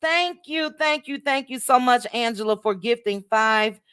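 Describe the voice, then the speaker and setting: Midwestern woman, casual livestream host, talkative and friendly with chat; smooth, resonant tone, dry recording. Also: fairly high pitch, unhurried, fairly bright tone, no room sound. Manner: chatty, thanks viewers by name, drops "child" asides. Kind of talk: casual livestream chat reading viewer comments.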